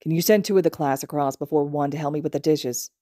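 A woman voicing a tired male teacher who drawls in a dry, unhurried way. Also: sits low, dark tone, dry recording.

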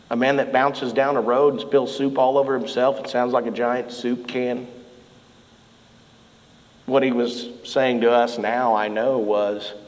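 A middle-aged man preaching a sermon as pastor, telling animated stories and shouting out the lines he quotes. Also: medium pitch, big-room sound, low-quality recording. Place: church sanctuary.

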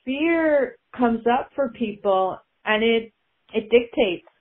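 A woman's voice: on the high side, lively intonation, takes it slowly. A woman guest telling stories in a casual chat and laughing often as she talks. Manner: chatty, laughs through her stories. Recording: tinny phone line.

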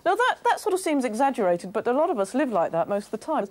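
A woman's voice: fairly high pitch, very animated, fast talker. A woman voice coach leading a workshop on a TV studio stage, coaxing the audience through exercises.

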